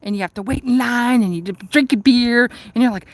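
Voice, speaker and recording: A woman's voice: on the high side, quick pace, hardly any pauses, dry recording. Rambling, profane woman vlogger. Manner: profane, ranting, laughs at herself. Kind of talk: casual rambling storytelling.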